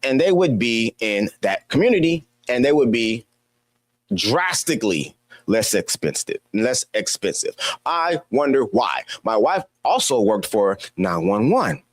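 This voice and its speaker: A man's voice: medium pitch, big pitch swings, measured pace, no echo. A man delivering an opinion commentary monologue, exasperated and emphatic, firing rhetorical questions and repeating his points. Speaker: commentary channel host.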